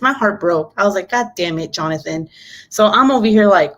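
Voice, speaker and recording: A woman's voice: medium pitch, a little fast. A young adult woman chatting casually to camera, telling a story with lots of swearing and acted-out quotes. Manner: animated, swears freely, acts out quotes. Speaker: mom vlogger.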